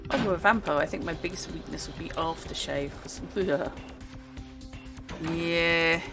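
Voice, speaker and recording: Lady streamer chatting dryly over gameplay, lowish voice, bouncy delivery, faint music. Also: a little slow. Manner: wry, chatty, talks to her chat. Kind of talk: casual gameplay commentary.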